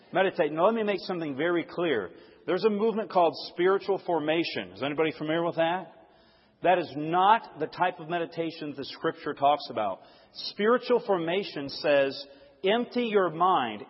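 Brief: husky, fairly high-voiced male preacher, emphatic call-and-response, dull echoey hall recording. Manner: emphatic, asks the crowd to fill in words; dynamic, swings from loud stresses to hushed asides. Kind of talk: sermon to a live audience.

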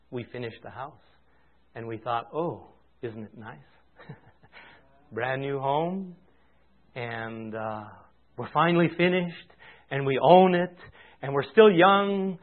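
An older man preaching a storytelling sermon, swinging from loud and excited to soft and hushed. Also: mid-range voice. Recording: tinny phone-like sound.

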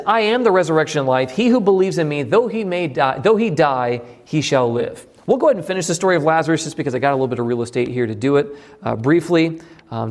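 Animated male preacher, higher voice. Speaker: pastor. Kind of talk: sermon.

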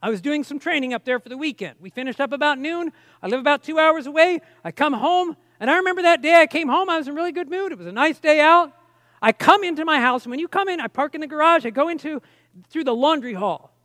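A man's voice: extremely high pitch, a bit bright, no echo, studio quality. A man preaching a personal testimony sermon, telling the story with strong emotion and frequent restarts.

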